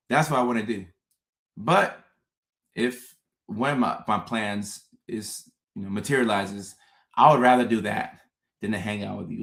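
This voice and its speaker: A man hosting a casual livestream, talking to viewers in an animated way, often repeating words and acting out his own thoughts. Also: lowish voice, normal speed. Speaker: host.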